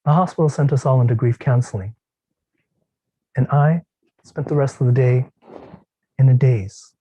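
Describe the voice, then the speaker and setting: A man giving a dramatic storytelling speech at a contest, expressive, with drawn-out pauses and hushed tender passages. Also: medium pitch, slightly rough, no echo, muffled recording. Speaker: contest speaker.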